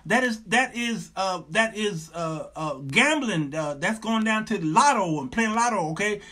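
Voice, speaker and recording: A middle-aged man hosting a talk show, giving sermon-like advice in an animated, joking, preacherly manner with lots of repetition. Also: sits high, moderate pace.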